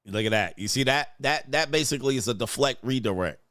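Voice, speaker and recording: A man's voice: mid-range voice, lively intonation, brisk, a bit bright, no echo, studio quality. A man giving blunt, crude commentary as a show host, reacting to a clip with mocking asides. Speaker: podcast host.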